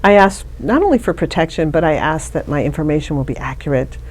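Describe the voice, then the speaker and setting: In a casual interview, a middle-aged woman guest tells a personal story in a chatty way, frequently restarting her sentences. Her voice is low-pitched, and she talks fast and animatedly.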